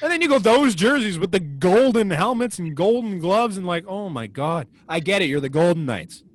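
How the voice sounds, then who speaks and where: A man co-hosting a casual sports podcast, blunt and exasperated as he rants. His voice sits a bit high for a man and swings widely in pitch. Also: sing-song, moderate pace. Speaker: podcast co-host.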